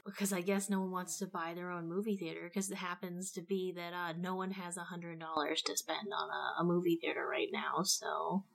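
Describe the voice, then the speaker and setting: A woman's voice: lowish voice, flat delivery, moderate pace, vocal fry, few pauses, fairly bright tone. Blunt, sarcastic woman co-host. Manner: blunt, sarcastic, swears freely. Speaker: podcast co-host. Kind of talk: casual podcast banter.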